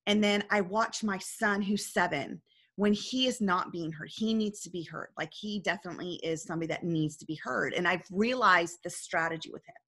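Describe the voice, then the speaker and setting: A woman's voice: fairly low pitch, normal speed, fairly bright tone. A woman coach talking earnestly in a casual discussion, telling a story and often checking in with "right?".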